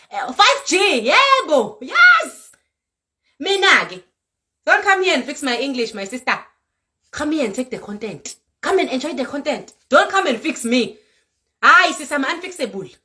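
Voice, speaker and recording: A woman's voice: sits high, big pitch swings, moderate pace, pushed and bright. A South African woman with a Zulu accent, a vlogger giving a fiery, scolding rant to camera, repeating herself for emphasis. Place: Europe.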